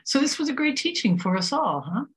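A woman giving a reflective spiritual talk, unhurried and full of pauses and fillers. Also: high voice, sing-song, low-quality recording. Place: Paris.

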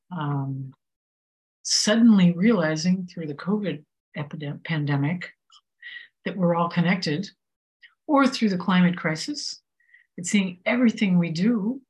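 A woman with a fairly low voice gives a reflective spiritual talk in Paris. She speaks unhurriedly, pausing often and using soft fillers as she thinks aloud. The recording is low quality.

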